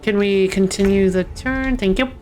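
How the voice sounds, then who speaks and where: A woman's voice: mid-range voice, moderate pace, darkish tone, soft background music. A woman streaming a video game, chatting casually and muttering annoyed asides to herself. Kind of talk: casual gameplay commentary.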